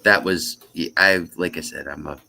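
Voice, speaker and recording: Deep-voiced man chatting on a stream. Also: fairly even intonation, moderate pace, creaky, pushed and bright, slight background noise. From Florida. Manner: rambling storyteller, tells a joke with duck voices. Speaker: live stream host. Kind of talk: casual chat on a live stream.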